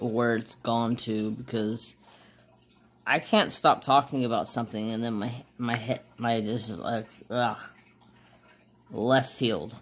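Guy rambling away about his day while doing crafts, keeps losing his thread. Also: medium pitch. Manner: rambling, loses his train of thought. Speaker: crafting channel host. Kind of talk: casual chat while working on a craft.

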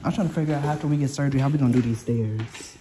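A young woman vlogging casually to camera, chatty and excitable, nervous before her surgery. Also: a bass voice, rapid-fire, background noise. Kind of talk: casual vlog talking to camera.

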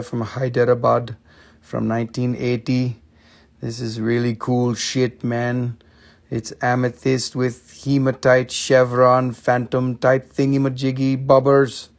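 A gravelly-voiced man talks slowly, at an unhurried pace, as he hosts a live selling stream. His manner is loose and joking, with casual swearing and asides to his viewers. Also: mid-range voice. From United States, Appalachian region. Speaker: host of a live shop stream selling minerals. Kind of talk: casual live-stream sales chat, reading chat comments.

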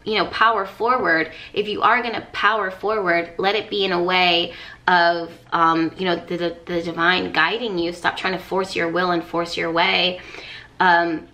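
Bright-voiced woman giving an astrology reading. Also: lowish voice, flat delivery, moderate pace. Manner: earnest, coaching, repeats phrases for emphasis. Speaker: astrologer and tarot reader. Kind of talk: casual spoken astrology reading.

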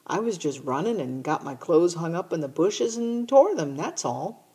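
A woman's voice: lowish voice, big pitch swings, normal speed, mellow, husky. A woman reading aloud, voicing a stubborn, defensive country boy in a storybook. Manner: defensive, exasperated.

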